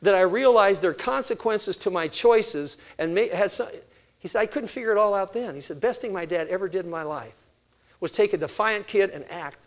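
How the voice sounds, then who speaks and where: An older man preaches on raising children in a lively storytelling way, slipping into other voices to act out each exchange. His voice sits a little higher than most men's. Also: brisk. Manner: storytelling, acting out quoted exchanges with shifting voice. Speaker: speaker on family ministry. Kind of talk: sermon-style teaching talk.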